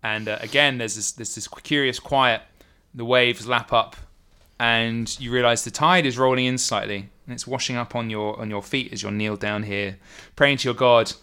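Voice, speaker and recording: Unhurried game master narrating. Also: mid-range voice, fairly even intonation, sharp tone, clear, resonant tone. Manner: unhurried, descriptive, many fillers.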